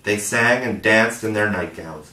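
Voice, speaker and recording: Low-voiced man reading a storybook aloud. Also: a little slow, sharp tone. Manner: reads steadily, puts on higher voices for the children. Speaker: audiobook reader. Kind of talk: scripted narration. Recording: echoey room, mic at a distance.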